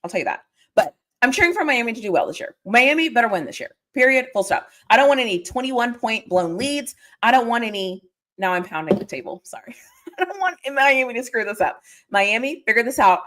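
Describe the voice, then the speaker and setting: A woman's voice: on the high side, very animated, fairly quick, a bit bright. A woman hosting a casual football livestream, chatty and playful, laughing often and repeating her phrases. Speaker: host. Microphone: desk or portable mic.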